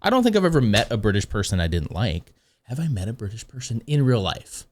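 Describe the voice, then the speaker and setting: A man's voice: on the low side, sing-song, fairly quick. A man streaming live, chatting casually while reacting to videos and reading chat, rambling and correcting himself often. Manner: rambling, self-correcting, reads chat aloud.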